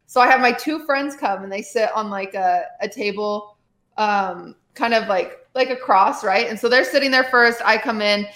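A woman's voice: mid-range voice, moderate pace, fairly bright tone. Rambling woman telling a story, roomy. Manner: rambling, full of "like" fillers. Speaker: livestreamer. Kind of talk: casual storytelling. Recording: roomy echo.

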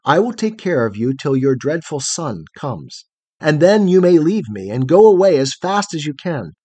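A man voicing a gentle young girl of the night who speaks in a soothing, earnest way. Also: on the high side, big pitch swings, normal speed, husky, dry recording.

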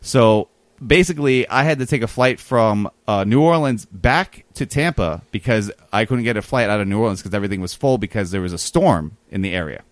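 A man's voice: lowish voice, a little fast, no room sound. Man, rambling storyteller, casual chat, dry close sound. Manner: rambling, animated, many fillers. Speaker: guest telling a story.

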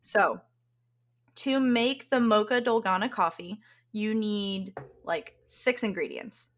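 A woman's voice: medium pitch, slow. A woman co-hosting a podcast, explaining things in casual chat and laughing often. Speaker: podcast co-host.

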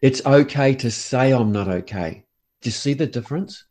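A man's voice: medium pitch, moderate pace, darkish tone. A middle-aged man, a former police negotiator, telling his story in earnest and often stumbling over and repeating words. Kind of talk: interview storytelling.

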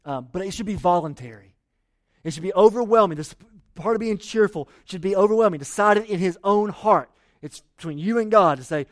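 A man's voice: sits high, lively intonation, fairly quick. A man, preaching a sermon in a conversational way and getting the congregation to read along. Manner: conversational preaching with audience call-and-response. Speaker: pastor.

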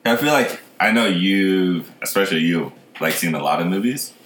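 A man with a raspy voice talking casually as a podcast guest, rambling with lots of fillers. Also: lively intonation, normal speed, a bit bright, roomy sound, slight background noise. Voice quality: low raspy voice. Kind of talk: casual chat. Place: kitchen.

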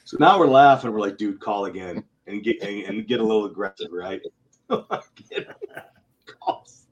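A man, a retired Air Force NCO, telling old stories to friends in a lively, laughing, swearing way. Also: fairly low pitch, a little slow, pauses often, muffled recording. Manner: animated, laughing, swearing, acting out quotes. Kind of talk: casual storytelling among old friends.

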